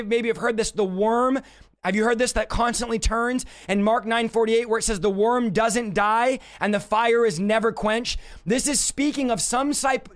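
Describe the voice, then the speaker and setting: A man preaching a sermon, speaking urgently and telling vivid stories that act out desperate pleas. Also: very high-pitched.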